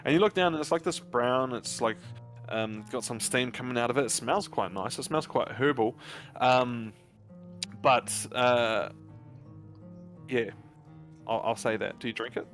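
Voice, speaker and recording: A man runs a tabletop game in an average-pitched voice, stopping and restarting his lines with plenty of ums. Faint music plays quietly under him. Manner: halting, with many fillers and restarts. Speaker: dungeon master.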